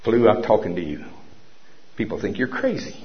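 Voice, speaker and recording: A man's voice: lowish voice, big pitch swings, moderate pace. A man preaching a sermon in a church service, telling a personal story and making commanding declarations of faith. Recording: dull lo-fi recording.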